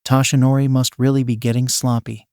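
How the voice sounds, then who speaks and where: A man reading the lines of a calm, gentle male villain mentor with a scarred face, speaking softly and steadily. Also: mid-range voice, fairly quick, clean tone, no room sound, studio quality, natural voice. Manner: soft and steady.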